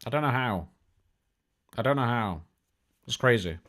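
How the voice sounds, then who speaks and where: A man's voice: mid-range voice, animated, moderate pace, a bit bright. A man hosting a casual tech live stream, chatty and joking, with lots of fillers and restarts. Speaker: tech show host.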